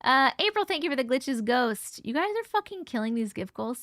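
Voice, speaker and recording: A woman chats casually with her livestream viewers, reading their messages aloud and swearing now and then. Her voice sits high and bright, though it sounds strained and worn out. The sound is dry and close, with no room around it. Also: very animated, moderate pace, no echo. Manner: chatty, swears casually, reads chat aloud. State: strained, fading voice.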